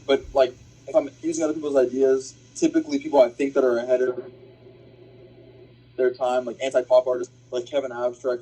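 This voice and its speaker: Husky-voiced young musician, halting answers. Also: male voice, mid-range voice, mellow, poor audio. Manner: hesitant, many fillers and restarts. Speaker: independent musician guest. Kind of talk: casual interview answers.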